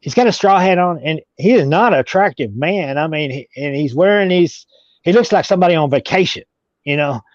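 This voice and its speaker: A man's voice: a little high, lively intonation, brisk, dry recording. A man telling a long story as an interview guest, rambling with many restarts. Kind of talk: casual storytelling. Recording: dull lo-fi recording.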